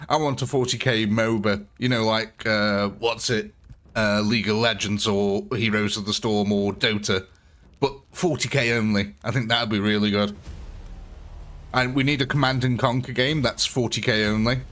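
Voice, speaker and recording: A man's voice: on the low side, fairly even intonation, moderate pace, a bit bright. Chatty male game streamer. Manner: chatty, thanks viewers often. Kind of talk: live stream gameplay commentary.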